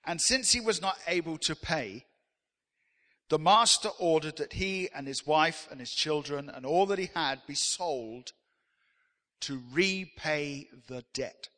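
A man's voice: fairly high pitch, a little slow, sharp tone, big-room sound. A man preaching a sermon as pastor, emphatic, and leading the congregation in call-and-response.

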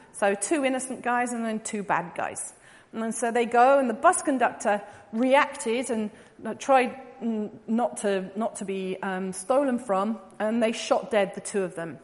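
A woman's voice: a little high, long reverb tail. A woman giving a talk as a psychodrama practitioner, telling a story vividly and earnestly.

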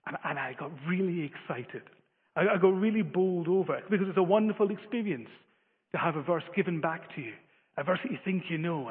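A man's voice: on the high side, husky. A man preaching a sermon with earnest, emphatic delivery and frequent stumbling restarts. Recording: phone-like, long-reverb hall.

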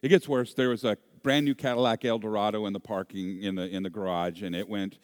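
A middle-aged pastor with a very low voice tells a story from the pulpit. He is animated and funny, and he acts out voices and sound effects as he goes. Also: fast talker, dry recording, studio quality. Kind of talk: sermon storytelling.

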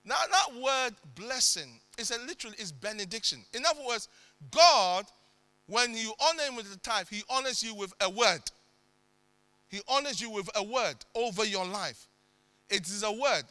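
A male preacher with a high, piercing, very bright voice, recorded dry and close. He delivers a sermon with dramatic swings that break into sudden loud bursts. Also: expressive, normal speed, no room sound.

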